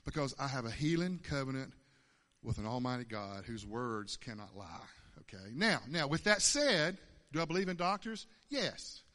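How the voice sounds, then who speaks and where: A man's voice: mid-range voice, big pitch swings, normal speed, a bit bright. A man, telling a folksy testimony at church, stammering and repeating words with frequent chuckles. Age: 50s. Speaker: church speaker. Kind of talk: conversational testimony.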